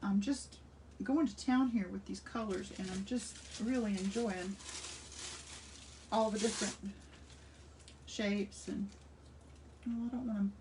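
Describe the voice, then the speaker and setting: A chatty older woman, an art instructor, gives a casual collage demonstration, thinking aloud enthusiastically as she works. Her medium-pitched, mellow voice is fairly even, a little slow, and full of pauses. She sits slightly off-mic, far away, with faint room noise behind her.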